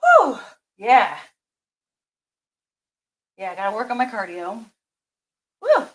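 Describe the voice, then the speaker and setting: A woman's voice: medium pitch, takes it slowly, no room sound. A woman hosting a casual livestream chat, rambling and swearing offhandedly as she talks into a handheld karaoke microphone. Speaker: livestream host.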